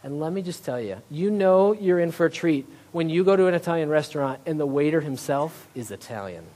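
A man's voice: a little high, lively intonation, a little fast, a little mellow. A male pastor preaching a conversational sermon, often checking in with "right?" and joking about himself. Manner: conversational, tag questions like "right?"; self-deprecating humor.

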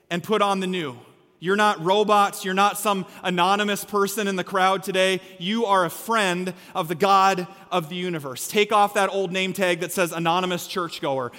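A man preaching a lively, joking sermon as a pastor, acting out the lines he quotes. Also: sits high, big-room sound. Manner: energetic, humorous, acts out quotes. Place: church sanctuary.

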